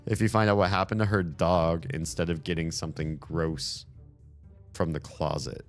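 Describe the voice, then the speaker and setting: A man with a voice that is going hoarse gives casual, rambling gameplay commentary and swears freely. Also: sits low, steady tone, moderate pace, faint music behind. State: losing his voice. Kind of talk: casual let's-play commentary.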